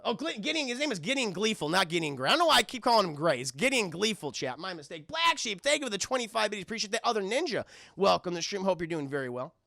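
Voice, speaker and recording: A man recapping a cartoon on a live stream, animated and always turning to his chat. His voice sits high and bright with a gravelly fry. It is recorded dry and close. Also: fast, dry recording, soft background music. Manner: animated, keeps addressing chat.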